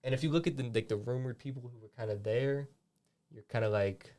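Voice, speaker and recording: In a casual podcast chat, a young male co-host rambles, restarts, leans on fillers and swears often. His mid-range voice is a little mellow, and he talks fairly quickly.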